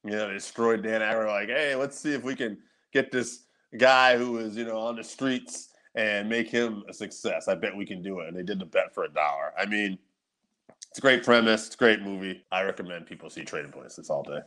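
A man's voice: lowish voice, a little fast, bright, forceful tone. Laughing, rambling male podcast co-host. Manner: loose, rambling, laughs a lot, swears casually. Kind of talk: casual chat.

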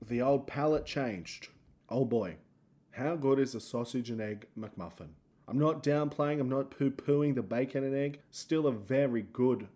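Man, Australian accent, comedian, solo podcast monologue, rambling, self-deprecating, warm mellow voice. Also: medium pitch. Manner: rambling, self-mocking, jokey asides.

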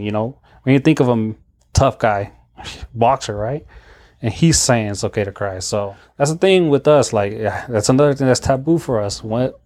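A man's voice: mid-range voice, a little mellow. A man hosting a podcast in casual chat, rambling with frequent laughs and restarts. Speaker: podcast host.

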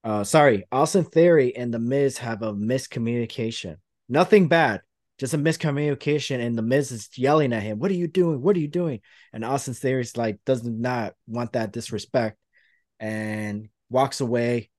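A man's voice: mid-range voice, moderate pace, darkish tone, no echo, studio quality. Rambling man in casual podcast chat. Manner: rambling play-by-play retelling. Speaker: podcast host.

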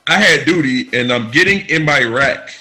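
A man's voice: mid-range voice, normal speed, faint music behind, low-quality recording. A man telling navy stories to friends in a casual, laughing way. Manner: laughing, animated, swears freely. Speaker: navy veteran telling a story. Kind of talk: casual storytelling among friends.

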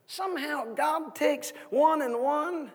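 A man in his thirties preaching a sermon as guest minister, asking the congregation questions in an animated way. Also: very high-pitched, slow, long reverb tail. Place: church sanctuary.

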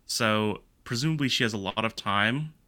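A man's voice: lowish voice, moderate pace, pushed and bright. A man co-hosting a podcast, chatting casually and laughing easily. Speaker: podcast co-host. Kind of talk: casual chat.

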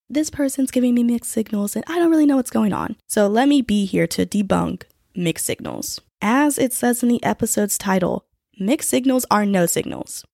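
Raspy-voiced woman hosting a podcast. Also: dry recording, studio quality. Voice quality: slightly raspy, low energy. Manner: chatty, conversational, uses "like" often. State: sick with a cold, sore throat. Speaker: podcast host. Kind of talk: casual solo podcast chat.

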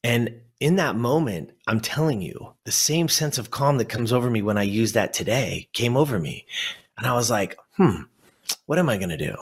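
A man's voice: medium pitch, moderate pace, slightly rough. A man in his fifties from Southern California, a coach and former athlete, telling an emotional personal story in earnest, repeating phrases for emphasis and speaking straight to the listener. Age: 50s.

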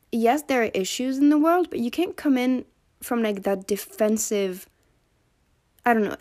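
A young woman hosting a solo podcast, chatting casually with lots of fillers and animated quoting of others. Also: a little high. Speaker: podcast host.

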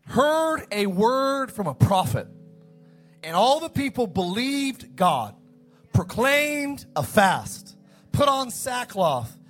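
A man preaching a sermon as pastor, animated, acting out the story's dialogue in quick asides. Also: high voice, faint music behind.

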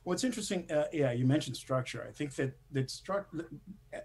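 A man with a husky, slightly rough voice chats as a guest in a relaxed interview. He tells his stories with energy, acts out little quoted exchanges and laughs often as he goes. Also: fairly high pitch, a little fast. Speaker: guest screenwriter. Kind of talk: casual interview chat.

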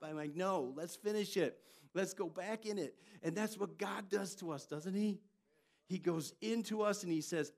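An older man, a pastor, preaching a sermon and telling family stories with lively jumps in loudness. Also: a little high, normal speed. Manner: storytelling, animated delivery with jumps in loudness.

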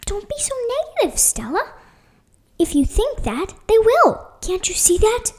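A woman's voice: very high voice, steady tone, moderate pace, pitched above the performer's own voice. A woman voicing a bold, impatient girl who speaks urgently and pushily. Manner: urgent, pushy.

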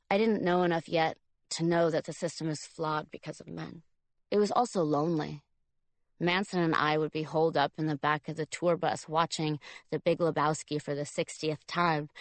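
A woman from Italy reads her memoir as an audiobook, her voice sitting very low. She tells the story dryly and wryly. The recording is completely dry and close. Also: dry recording. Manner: dry, wry first-person storytelling. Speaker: memoir reader. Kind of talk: audiobook narration.

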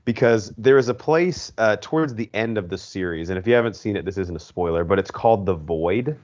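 Low-voiced chatty podcast host man. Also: lively intonation, fairly quick, darkish tone, lo-fi sound. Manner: chatty and enthusiastic, frequent fillers. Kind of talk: casual chat.

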